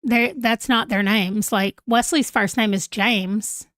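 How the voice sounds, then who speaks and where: A woman's voice: on the high side, fairly even intonation, takes it slowly, fairly bright tone, no echo, clean studio sound. A woman, chatting casually on a livestream at home, giggling as she reacts to viewer comments. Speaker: livestream host. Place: home room, holding a pet.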